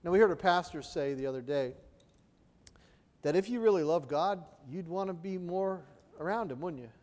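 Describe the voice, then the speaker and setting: A man with a high voice preaches in an easy, conversational way and keeps asking his listeners "right?". His voice carries a long reverb, as if he is speaking in a large hall. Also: lively intonation, normal speed, darkish tone. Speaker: pastor. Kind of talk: sermon.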